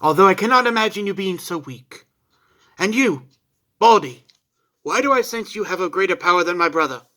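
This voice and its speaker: A man's voice: high-pitched, animated, normal speed, pushed and bright, pitched above the performer's own voice. A man voicing a proud, arrogant male alien warrior who taunts and boasts in a raised, theatrical voice. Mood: boastful.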